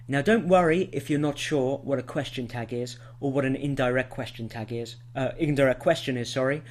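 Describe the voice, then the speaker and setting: A man giving an English lesson in a patient, explaining voice. His pitch sits in the middle of the range for a man, and he talks learners through each point clearly. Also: fairly quick, a little mellow. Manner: clear, patient explaining with spoken example sentences. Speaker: English teacher. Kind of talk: scripted lesson to camera.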